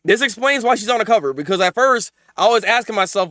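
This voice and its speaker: A man streaming a live manga reaction, talking in loose, slangy bursts and laughing a lot. His voice sits high and leaps around wildly. The sound is dry and close, with no room around it. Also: fast talker, few pauses, no echo. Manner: excitable, laughs often, jumps between mumbling and loud outbursts; casual slangy talk.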